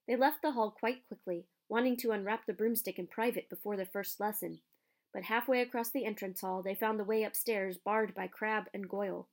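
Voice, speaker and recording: A woman narrating an audiobook in a calm, even storytelling manner. Her voice sits at a middle pitch. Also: moderate pace.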